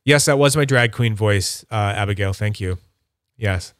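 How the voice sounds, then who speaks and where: A man hosting a casual livestream, rambling enthusiastically about his collection and slipping into high silly voices when he quotes people. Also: normal speed, a bit bright, no room sound, studio quality. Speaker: livestream host.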